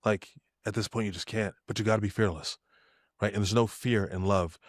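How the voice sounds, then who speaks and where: A young man appears as a podcast guest, narrating briskly with spirit in a lowish voice whose intonation stays fairly even. He acts out characters' lines in altered voices, recorded in a clean studio with no room sound.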